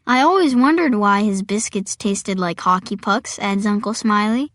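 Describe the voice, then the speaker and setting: A woman's voice: medium pitch, moderate pace, fairly bright tone, no room sound, studio quality. A woman reading a first-person audiobook in a wry, conversational storytelling manner. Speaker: audiobook narrator.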